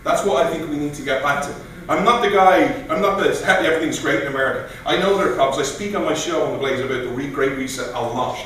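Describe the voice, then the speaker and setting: A man giving an animated speech at a political meeting, telling stories and acting out quoted voices. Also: on the high side, fast talker, hardly any pauses, a little hiss or hum. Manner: animated, storytelling with mock voices. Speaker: guest speaker. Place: meeting room. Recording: echoey room from far off.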